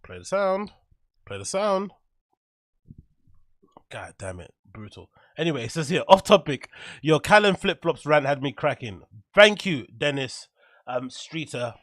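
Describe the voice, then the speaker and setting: An excitable man riffs through a casual livestream from his desk, his voice bright and forceful. He sounds a bit high for a man, and the sound is dry and close, with no room around it. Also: unhurried, no echo. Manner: excitable, slangy, talks to the chat. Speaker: livestream show host.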